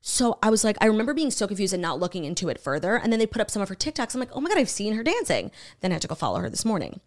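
A woman's voice: medium pitch, racing. A woman co-hosting a podcast, chatting casually as she retells a true crime documentary, swearing freely and acting out what people said. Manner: animated, swearing, acts out quotes. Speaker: podcast co-host.

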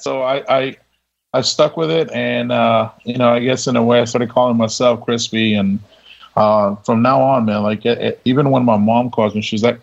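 A man, a military veteran, telling stories in a relaxed interview, laughing often and acting out what people said. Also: mid-range voice, brisk, creaky, highs cut off. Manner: laid-back, laughing, full of quoted dialogue. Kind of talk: casual storytelling interview.

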